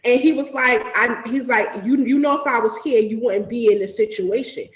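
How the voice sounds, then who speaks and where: Woman, slightly high voice, animated and profane storyteller who acts out quoted voices; echoey room. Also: normal speed, highs cut off. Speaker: podcast guest. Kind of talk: casual storytelling chat.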